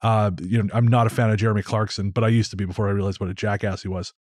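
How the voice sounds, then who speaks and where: A man's voice: lowish voice, flat delivery, very fast, a little mellow, no room sound, studio quality. A man with an American accent hosting a podcast, chatting casually and wryly, often restarting his sentences. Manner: rambling, wry, restarts sentences. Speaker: podcast host.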